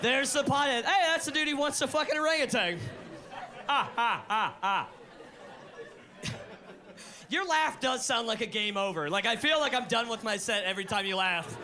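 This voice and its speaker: A man performing a stand-up comedy set live on stage, loud and profane, jumping into shouted voices for the people in his story. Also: extremely high pitch. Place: live comedy venue with audience laughter.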